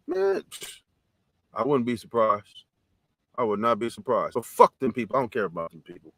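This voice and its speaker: A man rants on a livestream, heated and full of profanity, going back over the same points. His voice sits at a middling pitch. The sound is dry and close, with no room echo. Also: fairly bright tone. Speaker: livestream host reading chat. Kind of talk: casual livestream rant.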